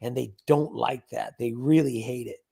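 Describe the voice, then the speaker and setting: A man's voice: mid-range voice, steady tone, moderate pace, creaky, mellow, slightly rough. A man hosting a casual livestream, chatting and greeting viewers by name. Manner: chatty, reads viewer names aloud. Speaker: livestream host.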